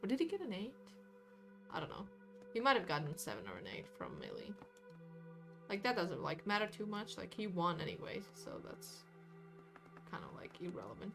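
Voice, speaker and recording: A woman's voice: medium pitch, very animated, brisk, creaky, long pauses. A woman art streamer chatting casually while she paints, rambling with lots of fillers and hedges. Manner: rambling, hedging, many fillers and restarts. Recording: music playing behind.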